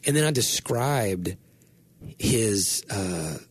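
Husky man telling rambling stories. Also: lowish voice, lively intonation, extremely slow. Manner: rambling storyteller, many restarts and fillers. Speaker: podcast co-host. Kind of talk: casual chat.

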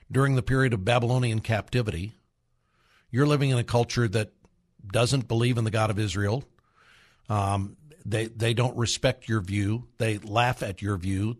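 A middle-aged man hosting a radio talk, earnestly urging parents, repeating himself and breaking into acted quotes. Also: on the low side. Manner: earnest, exhorting, acts out quoted voices. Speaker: radio host.

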